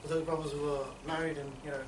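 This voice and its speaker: A man with a fairly high voice coaches a group of trainees, rattling through his points quickly and tossing in "yeah?" and "right?" to keep them with him. He was recorded in an echoey indoor room from some distance away, with a faint hum of ambience behind him. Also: level tone. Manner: rapid, chatty, keeps checking in with "yeah?" and "right?". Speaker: street outreach trainer. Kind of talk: instructional group talk.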